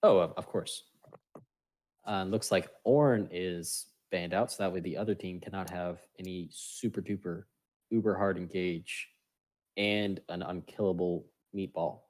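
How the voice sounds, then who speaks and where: Low-voiced playful male esports caster. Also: steady tone, unhurried, a little mellow. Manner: playful, jokey quips. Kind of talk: casual esports commentary.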